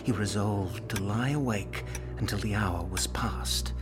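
A man narrating a classic story in a measured, expressive way, sometimes dropping to a whisper. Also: on the low side. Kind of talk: dramatic audiobook reading. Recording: narration over music.

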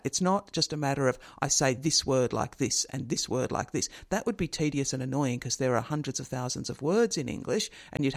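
A man hosting a show, explaining accents and phonemes in a relaxed, conversational way with many fillers. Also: mid-range voice, creaky. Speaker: host explaining linguistics. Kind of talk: casual educational talk.

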